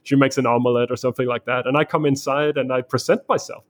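A man's voice: mid-range voice, steady tone, fast. A man from Denmark, a guest in a conversation, telling a story vividly in the present tense.

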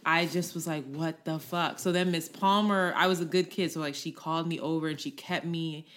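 A young adult woman co-hosting a podcast, telling a personal story in casual chat, candid and quick to swear as she acts out what people said. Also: sits low, fairly even intonation, a little hiss or hum. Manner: candid, swears freely, acts out quoted voices. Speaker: podcast co-host.

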